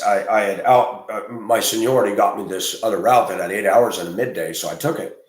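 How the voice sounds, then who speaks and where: A man who drives a school bus, talking in a blunt, rambling, opinionated monologue. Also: on the low side. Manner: blunt, rambling, gets heated and loud. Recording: echoey room.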